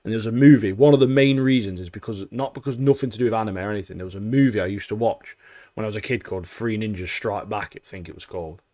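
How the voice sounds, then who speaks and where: A man co-hosting a podcast, chatting casually and excitably, laughing often and using lots of slang. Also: lowish voice, fast. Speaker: podcast co-host. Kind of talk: casual chat.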